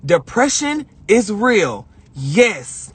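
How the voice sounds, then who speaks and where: A man's voice: sits high, sing-song, drawn-out words, breathy edge. A man talking on a phone live stream from a car, heartfelt and rambling, often repeating himself. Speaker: vlogger. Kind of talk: emotional live-stream monologue.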